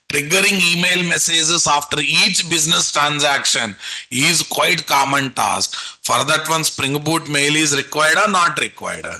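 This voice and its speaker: Bright, punchy instructor. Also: male voice, a little high, rough recording. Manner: quizzes students with rhetorical "what?" questions; repetitive, coaxing teacherly delivery. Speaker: programming instructor. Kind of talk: live online lecture.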